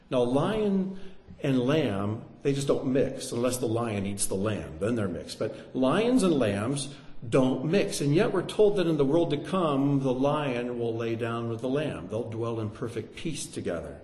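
Lively preacher in an echoey hall. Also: male voice, medium pitch, unhurried. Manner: animated, joking asides, swings between loud and hushed. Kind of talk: sermon.

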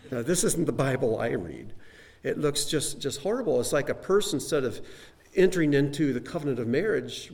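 A male Bible teacher talks through a lesson in a relaxed, folksy way, often stopping to address his listeners directly. His voice is mid-pitched and conversational. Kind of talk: casual teaching sermon.

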